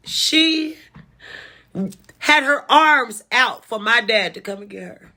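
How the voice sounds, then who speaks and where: A woman's voice: high-pitched, unhurried, pushed and bright. Angry, emotional woman telling a story. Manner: emotional, angry, swears, repeats herself. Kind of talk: casual storytime.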